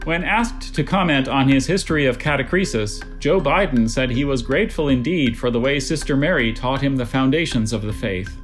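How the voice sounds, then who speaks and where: An adult reading words, definitions and joke sentences as a spelling bee pronouncer over a video call, in a deadpan manner. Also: mid-range voice, moderate pace, few pauses, soft background music.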